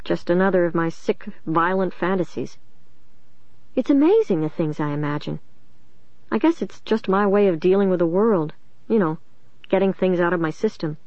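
A woman reading a first-person audiobook in a steady, measured way. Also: on the low side, no echo, highs cut off. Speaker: audiobook narrator.

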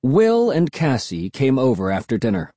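A man reads a first-person story aloud with lively, expressive inflection. His voice is mid-pitched and slightly husky, recorded close and dry with no room sound. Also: normal speed, dry recording. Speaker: audiobook narrator. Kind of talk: first-person audiobook narration.

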